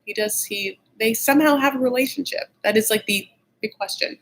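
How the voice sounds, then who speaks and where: A man's voice: fairly quick, a bit bright, poor audio. A man hosting a casual, gossipy recap of a TV show, blunt and opinionated, saying "like" constantly. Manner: catty, blunt and opinionated, heavy use of "like"; shifts pitch often when worked up.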